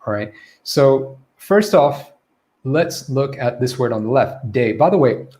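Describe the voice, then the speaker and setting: A man's voice: medium pitch, expressive, a little slow, warm tone. Male English teacher hosting a live Q&A lesson, loose and chatty, with fillers and restarts. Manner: conversational, many fillers and restarts, reads viewer comments aloud.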